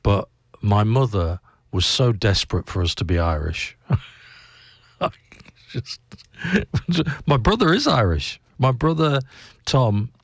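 An English man hosting a breakfast radio show in a studio, talking in a rambling, halting way full of ums and restarts. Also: lowish voice, lively intonation, no room sound. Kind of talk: casual on-air monologue. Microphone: studio microphone.

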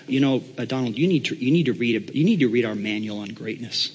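A pastor acts out a patient apostle who answers an eager student mildly, with small hesitations. The voice is husky and unhurried. The sound carries a long hall reverb. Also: male voice, mid-range voice, lively intonation, a little mellow. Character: patient, mild male apostle mentor.

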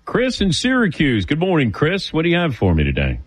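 A man's voice: a little high, huge pitch swings, fairly quick, husky. A man hosting a sports talk radio show, taking calls and reading segments with wry delivery.

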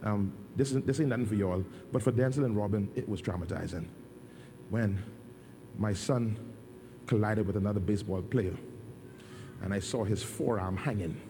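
A middle-aged man, a pastor, preaching a sermon in a dramatic storytelling way that swings from hushed to loud. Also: on the low side.

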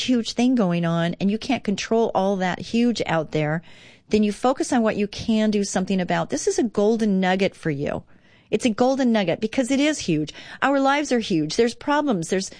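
Her fairly high, expressive voice has a slightly mellow tone and moves at a moderate pace, captured dry in clean studio sound. She's a middle-aged woman hosting a devotional radio talk show, offering earnest, encouraging readings and reflections that build with emphasis.

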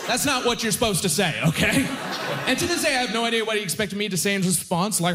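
Young guy doing stand-up, pokes fun at himself, repeats lines for punch, kinda high voice. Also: fast talker, crowd noise. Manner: self-deprecating, emphatic repetitions. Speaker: stand-up comedian. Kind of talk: stand-up comedy set. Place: comedy club stage, live audience.

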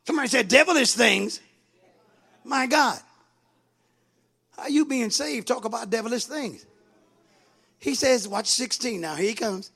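A man preaching a sermon in an animated way, calling out to the congregation. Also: very high voice, moderate pace, creaky, pauses often, husky.

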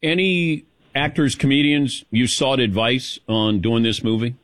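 A man hosting an interview, easygoing and quick to laugh as he asks questions. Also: medium pitch, fairly even intonation, fairly bright tone, no room sound. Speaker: interviewer, host. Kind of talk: casual interview chat.

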